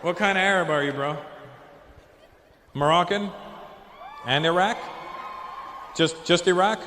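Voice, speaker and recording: A man with a high, slightly slow voice and a sharp tone does stand-up on a handheld stage mic at a large comedy venue, bantering with the live audience and dropping into silly put-on voices. The roomy hall gives a long reverb, and there's slight background noise.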